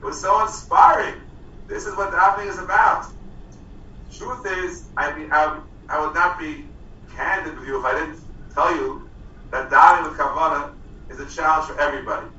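A man telling stories to a room of students in a lively, emphatic way. His voice is bright and forceful, and sits a little high. It is recorded from a distance in an echoey hall, with a dull, lo-fi sound and faint room noise. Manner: animated storytelling, stresses words and slows for emphasis. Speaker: rabbi giving a talk to yeshiva students. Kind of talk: informal Torah talk with stories.

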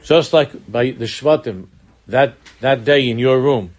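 Man, mid-pitched voice, earnest Torah lecture, repeats words, rises on key points. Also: a little slow, a little mellow. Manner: earnest, repeats words, mixes Hebrew terms into English, rises in emphasis. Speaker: rabbi teaching Torah.

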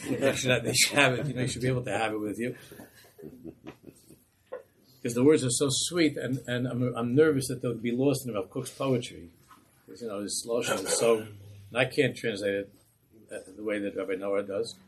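A man's voice: mid-range voice, steady tone, normal speed, long pauses, slight background noise. A man, a rabbi, teaching a Torah class in a passionate, rhetorical way. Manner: impassioned, rhetorical.

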